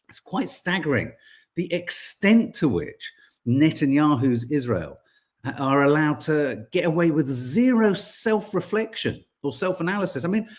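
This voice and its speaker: Male podcast co-host, 40s, rambling and wry, very animated intonation. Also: a little high. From England. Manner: rambling, reads listener comments aloud, wry asides. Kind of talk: casual chat.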